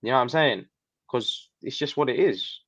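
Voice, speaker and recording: A man's voice: medium pitch, expressive, moderate pace, fairly bright tone, no room sound. Laid-back man on slightly dull call audio. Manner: laid-back, slang-heavy, "you know what I'm saying". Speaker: football fan show co-host. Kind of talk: casual fan debate.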